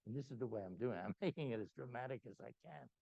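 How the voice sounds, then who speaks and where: An older man telling a lively anecdote at a gathering, acting out voices and laughing often. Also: rapid-fire, vocal fry, husky, no echo. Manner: animated anecdote teller, acts out quotes, laughs often. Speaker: speaker at a spiritual gathering. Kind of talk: storytelling talk. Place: meeting hall. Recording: dull low-fidelity sound, dry.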